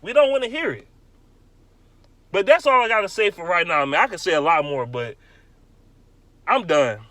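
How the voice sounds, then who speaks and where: A man's voice: high-pitched, lively intonation, moderate pace, fairly bright tone, no echo. A young man ranting angrily and bluntly as a sports fan, swearing and repeating himself for emphasis. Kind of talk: heated profane rant.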